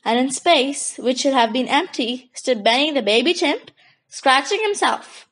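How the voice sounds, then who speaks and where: A woman narrating a children's book in a steady storytelling voice. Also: high-pitched, measured pace, poor audio. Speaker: audiobook narrator.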